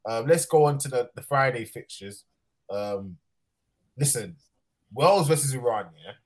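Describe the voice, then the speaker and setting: Animated man hosting a football chat. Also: medium pitch, normal speed. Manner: animated, repeats phrases, laughs often. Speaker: podcast host.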